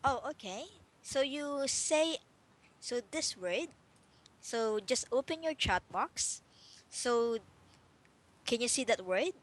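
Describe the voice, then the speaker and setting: A woman's voice: on the high side, expressive, slow, pauses often. A woman tutoring English one-on-one over a video call, patiently explaining phrases with many fillers.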